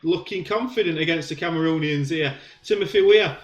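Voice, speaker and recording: A man giving excited play-by-play commentary on a football video game, shouting when goals go in. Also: fairly high pitch, fairly quick, echoey room. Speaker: gaming commentator.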